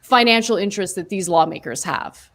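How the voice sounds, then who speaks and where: This is an emphatic woman co-hosting a political discussion. She talks casually but argues with conviction, in a voice of middle pitch that rises when she pushes a point. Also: a little fast, a bit bright. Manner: emphatic, argumentative. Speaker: co-host.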